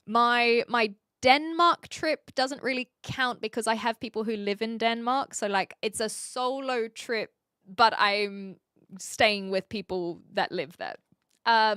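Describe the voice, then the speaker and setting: Chatty woman streamer, smooth dry voice. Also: medium pitch, a bit bright, no echo. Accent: mixed Australian and British. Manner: chatty, reads chat messages aloud and answers them. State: sleepy. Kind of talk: casual chat with live chat.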